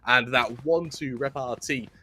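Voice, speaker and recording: A man giving relaxed, analytical color commentary on an esports match, with long explanations. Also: mid-range voice, measured pace. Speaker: esports caster.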